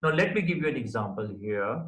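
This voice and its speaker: A man's voice: medium pitch, sing-song, fairly quick, fairly bright tone. A man teaching a recorded lecture, who explains step by step and keeps checking understanding with "right?". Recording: echoey room.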